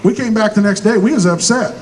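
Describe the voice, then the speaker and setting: Folksy hillbilly comic with a high voice. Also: male voice, fairly quick, slight background noise, rough recording. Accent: American Southern rural. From Missouri. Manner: folksy hillbilly drawl, deadpan punchlines, acts out both sides of dialogue. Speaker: stand-up comedian. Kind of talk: stand-up comedy storytelling.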